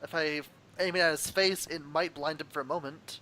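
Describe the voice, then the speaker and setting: A man voicing a soft-spoken female cleric in a tabletop game, speaking slowly and hesitantly. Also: fairly high pitch, fairly even intonation, background noise, natural voice. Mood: soft, unsure. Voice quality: quiet, soft.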